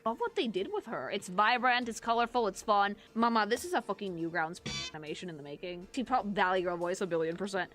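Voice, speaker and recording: A woman streamer reacting to animations, excitable and crude, swearing freely. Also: medium pitch, quick pace, hardly any pauses, soft background music.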